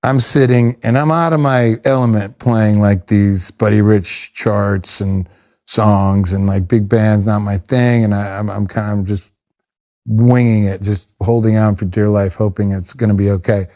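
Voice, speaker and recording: Rambling, animated middle-aged man telling stories. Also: on the low side, unhurried. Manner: animated, rambling anecdotes with self-interruptions. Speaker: professional drummer. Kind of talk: casual storytelling interview.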